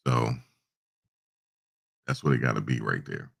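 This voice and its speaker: Very deep gravelly-voiced man, casual talk. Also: measured pace, a bit bright. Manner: loose, storytelling, imitates his mother and himself in quotes. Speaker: show host.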